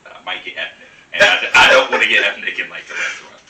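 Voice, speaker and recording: Animated fast-talking young man, echoey room. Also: low-pitched, far from the mic. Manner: animated, loose slang, laughs often. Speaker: guest. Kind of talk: casual chat over wine.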